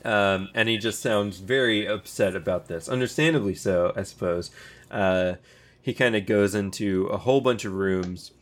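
A man's voice: lowish voice, moderate pace. A man casually recapping a show for co-hosts, rambling and swearing freely with frequent laughs. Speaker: podcast co-host recapping an anime. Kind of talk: casual chat.

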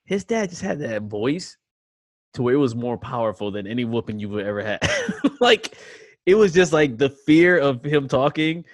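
A young man, a podcast co-host, joking and teasing in casual chat and quick to laugh. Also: mid-range voice, sing-song, no room sound, clean studio sound.

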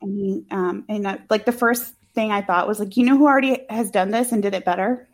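A woman's voice: mid-range voice, brisk. A woman co-hosting a casual talk show, recapping a movie in a chatty, sarcastic way with lots of fillers and the odd swear. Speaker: podcast co-host.

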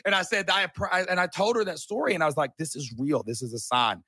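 A man's voice: on the high side, quick pace, breathy edge, no echo. Earnest man telling a story, dry sound. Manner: animated, earnest, folksy storyteller. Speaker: podcast guest. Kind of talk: casual storytelling.

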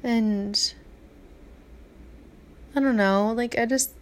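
At night in her apartment, a vlogger in her thirties talks through a rambling, heartfelt monologue packed with restarts and "like". Her voice is fairly high with fairly even intonation, and she speaks extremely slowly.

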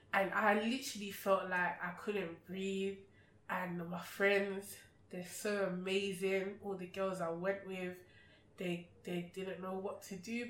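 Woman, podcast guest, outspoken, animated storytelling, echoey room. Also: mid-range voice. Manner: outspoken, animated, acts out remembered exchanges. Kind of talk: emotional personal storytelling. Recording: roomy sound from a distant mic.

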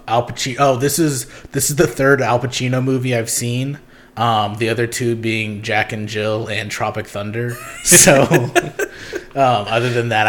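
A man's voice: lowish voice, fairly bright tone, a little hiss or hum. A young man hosting a casual podcast chat, rambling with lots of ums and giggles. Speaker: podcast host.

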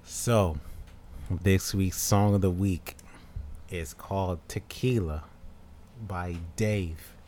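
A young man co-hosting a podcast in casual chat, jokey and animated, with bursts of excitement. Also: sits low, slow pace, long pauses, a little hiss or hum. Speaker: podcast co-host.

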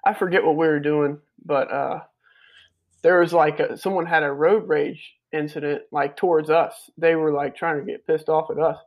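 A man's voice: fairly high pitch, steady tone, moderate pace, muffled recording. A man on a podcast, chatting casually and telling loose, laughing stories with some swearing. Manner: laughing storyteller, loose and profane. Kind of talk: casual chat.

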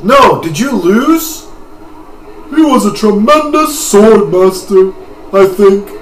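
A man's voice: sits high, lively intonation, slow pace, roomy sound, far from the mic, slight background noise, pitched above the performer's own voice. A man voicing a cheerful old male martial arts master in a video game, folksy and chuckling. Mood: jovial.

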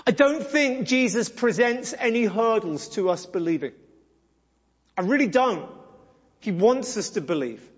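A male pastor with a notably high voice delivers a sermon in a conversational, emphatic way, breaking off for playful asides. The recording is dull and lo-fi, with a long reverb from the hall around him. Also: expressive, a little slow, breathy edge.

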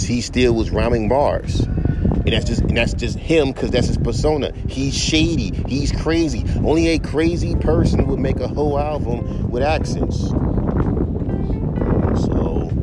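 A young man and rapper hosting a podcast, ranting bluntly with constant swearing and mocking his critics. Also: fairly low pitch. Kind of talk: profane casual rant. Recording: echoey room with faint music.

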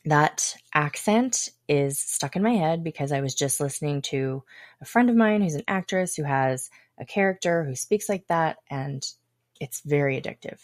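A low-voiced woman chats loosely and irreverently as host of her own podcast, swearing freely and joking at her own expense. The sound is dry and close. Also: animated, moderate pace, a little mellow, no echo. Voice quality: irreverent, playful, profane. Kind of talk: casual chat.

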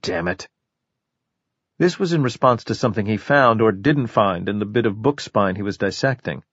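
A man narrating a crime novel audiobook in a measured, even storytelling manner. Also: lowish voice, dry recording, lo-fi sound. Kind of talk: scripted narration.

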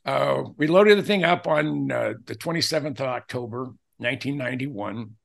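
An older man telling personal anecdotes as a podcast guest, acting out the dialogue he quotes in an animated way. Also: medium pitch, normal speed, vocal fry. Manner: animated storyteller who acts out quoted dialogue.

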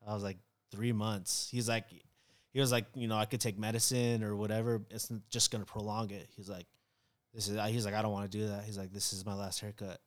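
A man with a low, clear, smooth voice tells a heartfelt story in casual podcast chat. He is earnest and emotional, circling back through fillers and restarts as he goes. The sound is clean and full. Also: flat delivery, a little fast. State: tearing up. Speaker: barber guest.

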